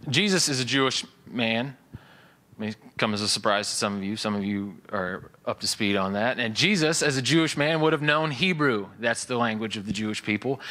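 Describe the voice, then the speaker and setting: A man's voice: on the high side, sharp tone. A male pastor giving a sermon in a church, explaining scripture in a conversational teaching manner with casual asides.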